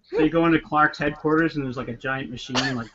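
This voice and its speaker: A caller in a casual group chat, joking and giggling through an animated bit. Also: mid-range voice, muffled recording, background noise.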